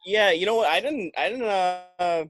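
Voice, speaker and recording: A man's voice: high voice, normal speed, a bit bright. A man talking in a loose, rambling way as a podcast guest, often restarting his sentences. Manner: rambling, restarts with many likes. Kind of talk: casual chat.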